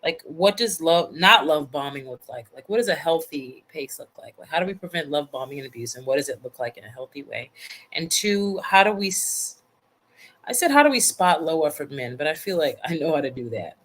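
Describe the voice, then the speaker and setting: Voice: medium pitch, expressive, fairly quick, fairly bright tone. A call participant asking casual questions in a hesitant way, rephrasing them as they go.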